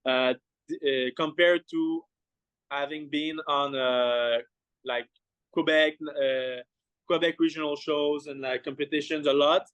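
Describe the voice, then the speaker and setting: French-Canadian chef, higher pitch. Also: male voice, fairly even intonation, a bit bright, clean tone, no room sound. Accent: Québécois French. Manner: halting, many restarts and fillers. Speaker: chef guest. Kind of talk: casual interview.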